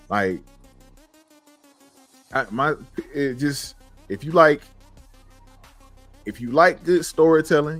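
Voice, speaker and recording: A man on a podcast, pitching wrestling to newcomers in a rambling, loose way, restarting his sentences often. His voice runs slightly high, with faint music behind him. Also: fairly bright tone. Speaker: podcast co-host. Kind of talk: casual chat.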